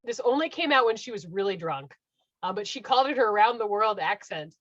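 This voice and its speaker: A woman's voice: mid-range voice, animated, fairly quick, a bit bright, dry recording. Playful laughing woman, dull dry recording. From South Dakota, US. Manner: laughs often, playful, jokey. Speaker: podcast co-host. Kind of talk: casual chat.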